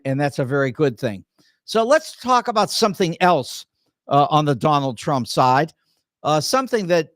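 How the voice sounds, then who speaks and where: An older American man hosts a political talk show in a fairly high voice. He sounds indignant and sarcastic, stumbling and repeating words as he restarts thoughts. The recording is dry and close. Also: no room sound. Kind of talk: political commentary monologue.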